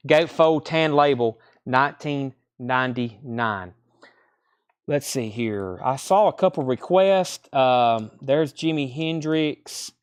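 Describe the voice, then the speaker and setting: A man hosting a live online record sale, reeling off album titles, condition grades and prices in a brisk seller's patter. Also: mid-range voice, lively intonation, smooth. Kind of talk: live online sales stream.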